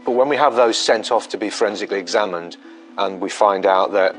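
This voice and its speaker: Deep-voiced police detective. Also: male voice, faint music behind, rough recording. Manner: measured, with frequent ums and restarts. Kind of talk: documentary interview.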